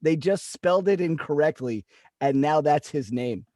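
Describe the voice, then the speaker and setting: Male co-host, slightly high, animated storyteller, crude humor. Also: normal speed, no echo, studio quality. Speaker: podcast co-host. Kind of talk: casual comedic chat.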